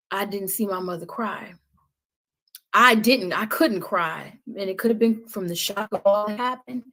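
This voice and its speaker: A middle-aged woman talking passionately as a podcast guest, preachy and swinging between loud outbursts and hushed words. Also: mid-range voice.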